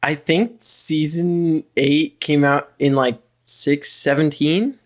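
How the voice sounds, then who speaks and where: A man co-hosting a podcast in a relaxed, easygoing way. He teases his partner and keeps the chat loose. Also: on the high side, slow pace. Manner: easygoing, playful teasing. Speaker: podcast co-host. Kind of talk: casual chat.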